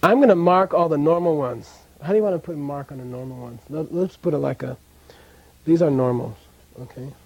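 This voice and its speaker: A man's voice: fairly high pitch, brisk, dull audio. A middle-aged man teaching a language class in a casual way, often checking in with his students. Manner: relaxed, casual, checks in with "okay?".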